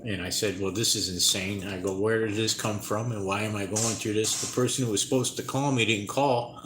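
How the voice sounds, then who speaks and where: A tired man talking to camera in a halting, rambling, distressed way, with many restarts. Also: lowish voice, fairly bright tone, a little hiss or hum. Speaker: vlogger. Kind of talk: unscripted personal vlog to camera. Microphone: camera mic. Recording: roomy echoey room.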